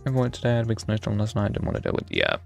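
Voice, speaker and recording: A man's voice: on the low side, huge pitch swings, rapid-fire, vocal fry, soft background music. A young man from the UK, chatting casually and self-mockingly while streaming a game and answering chat. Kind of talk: live gameplay chat.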